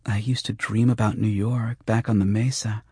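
A man voicing a frightened, dreamy young woman in an audiobook, speaking softly. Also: on the low side, little pitch movement, moderate pace, breathy edge, no echo, clean studio sound, voice pushed up. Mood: wistful.

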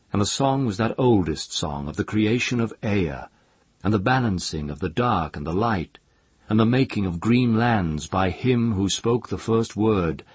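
A man reading a fantasy story aloud in a calm, measured storytelling voice. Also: on the low side, breathy edge, no echo. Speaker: narrator. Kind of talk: scripted audiobook narration.

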